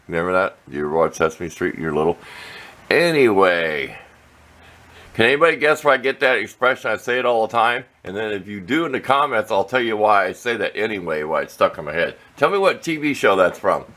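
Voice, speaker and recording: Guy in his shop fixing engine bolts, kinda deep voice, talks folksy and rambles. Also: expressive, brisk, bright, forceful tone. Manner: rambling, folksy, self-correcting. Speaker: small engine repair vlogger. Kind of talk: casual workshop demonstration. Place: workshop shed.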